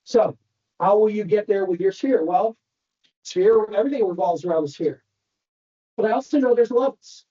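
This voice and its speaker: A man giving an animated motivational training talk to a room of real estate agents, telling stories and asking the crowd questions. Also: high-pitched, moderate pace, long pauses, muffled recording. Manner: animated storytelling, addresses the crowd directly.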